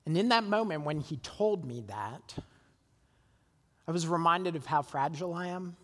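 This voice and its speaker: A pastor preaching a sermon, telling a personal story in a relaxed, conversational way with small laughs and restarts. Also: male voice, fairly high pitch, moderate pace. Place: church sanctuary. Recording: long hall reverb.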